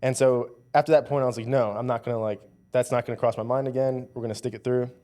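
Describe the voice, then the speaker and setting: A man in his twenties, a powerlifter guest in a casual conversation, telling his story in an animated way, full of "like" and "dude". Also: mid-range voice, fast. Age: 20s.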